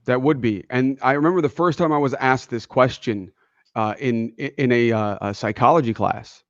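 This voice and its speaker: An earnest man co-hosts a casual motivational chat, mid-pitched and telling stories while voicing the people in them. The sound is dry and a little dull. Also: moderate pace, no echo. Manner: earnest, storytelling, acts out quoted people. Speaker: podcast co-host.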